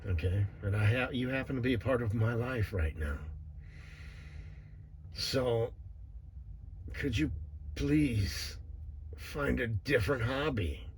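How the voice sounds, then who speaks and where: Male vlogger with a mid-range voice, meandering, profane and filler-heavy, very animated in pitch. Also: slow, long pauses, a little hiss or hum. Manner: meandering, profane, full of "you know" fillers and sighs. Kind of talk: casual rambling monologue.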